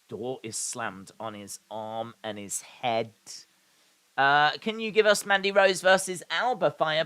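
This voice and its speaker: A live stream host reacts to wrestling in a watch-along, reading viewer comments aloud in a dry, sarcastic manner. His voice is bright and mid-range.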